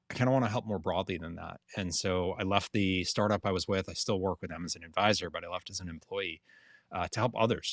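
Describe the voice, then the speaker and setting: A man's voice: on the low side, fairly bright tone, no echo, clean studio sound. A man from New England with a Boston accent, a guest talking loosely in an interview with many fillers. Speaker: guest, insurance consultant. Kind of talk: casual interview talk.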